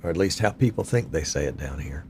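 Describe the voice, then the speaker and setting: A man's voice: very deep voice, animated, fast talker, darkish tone, slight background noise. A man in his sixties, from Virginia, hosting a casual live stream and chatting with viewers in a folksy, chatty, self-deprecating way.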